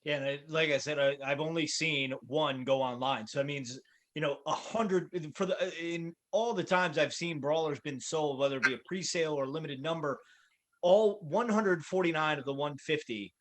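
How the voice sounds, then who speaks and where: A man's voice: on the high side, normal speed, a bit bright. A man hosting a casual podcast, chatty and wry with lots of fillers. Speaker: podcast host.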